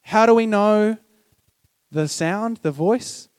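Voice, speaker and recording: A man's voice: high-pitched, slow pace, darkish tone, smooth. A man preaching a sermon in a conversational, storytelling way, acting out quoted dialogue and asking the congregation questions.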